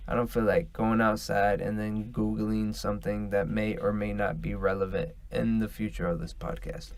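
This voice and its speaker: A man's voice: fairly low pitch, steady tone, moderate pace, vocal fry. A man hosting a casual solo podcast, rambling and swearing as he drifts between thoughts. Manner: rambling, profane, meandering. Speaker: podcast host.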